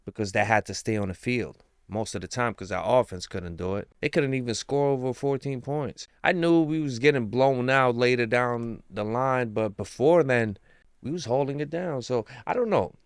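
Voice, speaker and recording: Excited man rambling about his team. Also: mid-range voice, moderate pace, clear, resonant tone, no room sound, clean studio sound. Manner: excited, rambling fan talk with slang. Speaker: sports commentator. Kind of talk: casual fan commentary.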